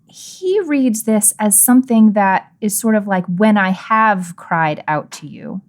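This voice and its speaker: Slow-talking woman podcast co-host. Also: mid-range voice, lively intonation. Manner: thoughtful, searching, many restarts and 'like'. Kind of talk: scripture reading and casual discussion.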